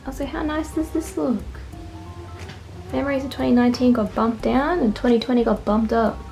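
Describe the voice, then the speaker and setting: A young woman vlogging at home, gushing excitedly through an unboxing with lots of exclamations. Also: on the high side, moderate pace, creaky. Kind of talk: casual unboxing vlog. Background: soft background music.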